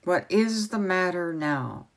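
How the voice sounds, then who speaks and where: A woman's voice: lowish voice, big pitch swings, slow, creaky, exaggerated voice. Testy old wizard tutor, voiced by a woman; impatient, scornful, fussy.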